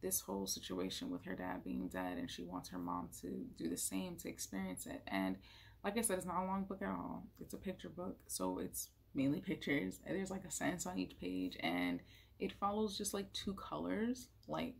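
Gravelly-voiced woman chatting about books. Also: fairly low pitch, sing-song, normal speed. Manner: chatty, emotional, lots of fillers. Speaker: book reviewer. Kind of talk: casual monthly reading wrap-up.

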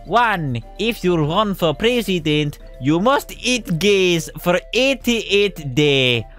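A man streaming, reading silly fill-in-the-blank stories aloud in an animated way, rushing through asides and breaking into laughter. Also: high voice, soft background music.

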